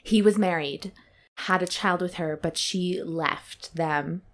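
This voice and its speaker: A woman's voice: fairly low pitch, slow pace. A young woman co-hosting a casual chat, reading a book blurb aloud with playful, dry asides. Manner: playful, dry, breaks into sung snippets.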